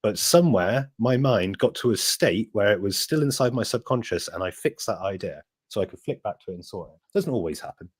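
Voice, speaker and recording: A man's voice: fairly low pitch, animated, fairly quick, few pauses, husky, no echo. A man from Wiltshire with a West Country English accent, chatting as a podcast guest, rambling and restarting his sentences. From Wiltshire, England. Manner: rambling, self-interrupting, laughs easily. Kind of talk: casual podcast chat.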